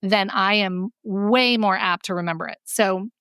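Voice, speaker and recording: A woman co-hosting a podcast, chatting in an animated, self-deprecating way about networking. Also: mid-range voice, a little slow, smooth, no echo, studio quality. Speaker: podcast co-host. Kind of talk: casual chat.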